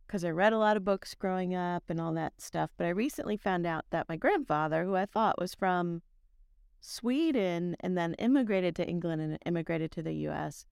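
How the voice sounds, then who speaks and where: Gravelly low-voiced woman co-host. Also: darkish tone, dry recording, clean studio sound. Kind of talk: podcast chat.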